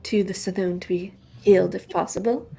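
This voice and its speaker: A woman's voice: mid-range voice, steady tone, a little fast, vocal fry, mellow. A woman playing a tabletop game in character, earnest and a little hesitant. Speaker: player.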